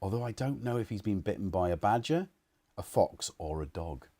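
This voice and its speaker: Deep, lively man chatting. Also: moderate pace, no echo. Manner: rambling, chuckling, chats to his cats. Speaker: livestream host. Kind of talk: casual livestream chat. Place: living room at home.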